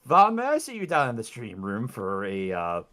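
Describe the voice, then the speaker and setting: A man narrating a tabletop game as dungeon master, describing scenes in an expressive way. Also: mid-range voice, normal speed.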